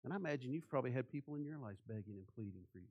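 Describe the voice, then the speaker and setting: A man preaching a sermon with passion, asking rhetorical questions and swinging between soft, hushed phrases and loud ones. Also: medium pitch, lively intonation, rapid-fire, narrow, tinny audio. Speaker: pastor.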